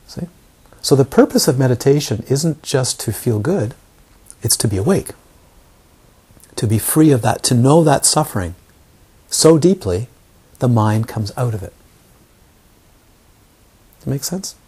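A man's voice: medium pitch, animated, unhurried, pauses often, warm tone, husky. A man teaching meditation to a group, asking his listeners repeated rhetorical questions and repeating words for emphasis. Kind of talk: dharma talk to a group.

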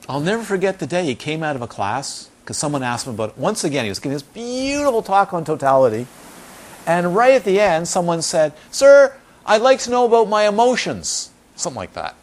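Animated male meditation teacher. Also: fairly high pitch, quick pace. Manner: animated storytelling, acts out quoted voices; emphatic repetition. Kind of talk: informal dharma talk.

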